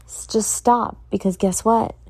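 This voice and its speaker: Sleepy podcast lady, gravelly voice, slow and mellow, talks straight to listeners all earnest. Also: on the high side, fairly even intonation, dry recording. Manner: earnest, motivational, addresses listeners directly. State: tired, yawning. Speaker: podcast host. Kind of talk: casual solo podcast talk.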